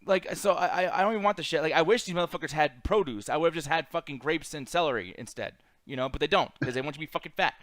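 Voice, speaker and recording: A man's voice: a little high, fast talker, hardly any pauses, a bit bright, no echo. A young man hosting a chat show, telling a rambling, profane story in a blunt, casual way. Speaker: podcast host.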